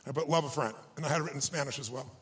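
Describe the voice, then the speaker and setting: A middle-aged man speaks from the stage in a voice that sits a little high for a man. He tells a personal story with feeling and presses his audience to act. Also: very fast, slight background noise. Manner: emotional storytelling, emphatic and exhorting. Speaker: motivational speaker. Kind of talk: live stage talk to an audience.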